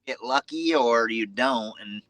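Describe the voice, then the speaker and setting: A man speaks as a podcast guest in a bright, forward voice, recorded close and dry. He talks openly and without fuss. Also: medium pitch, measured pace, dry recording. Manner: easygoing, candid. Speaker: podcast guest, motocross rider. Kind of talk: casual interview chat.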